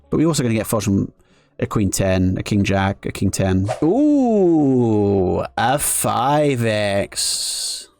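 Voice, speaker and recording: A man with a medium-pitched, darkish voice narrates his own live poker hands on stream, cracking sarcastic jokes at his own expense in between strategy points.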